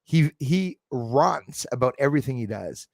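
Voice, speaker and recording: A man's voice: medium pitch, lively intonation, a little slow, gravelly, darkish tone, dry recording. A man hosting a live stream from a forest, talking casually to his chat in a blunt, profane, rambling way and laughing off critics. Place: outdoors in a forest.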